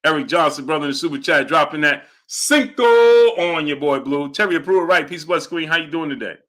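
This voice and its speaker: A man's voice: a little high, brisk. A young man hosts a live boxing stream. He reads viewer messages aloud and repeats his points with emphasis. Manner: animated, emphatic, repeats lines for effect. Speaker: boxing livestream host. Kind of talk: live stream chat, reading Super Chats.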